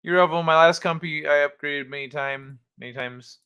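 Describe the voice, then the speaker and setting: A man's voice: fairly high pitch, fairly quick, pushed and bright, clear, resonant tone. A man hosting a casual livestream, chatting with viewers in a laid-back, hesitant way with many fillers. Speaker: livestream host.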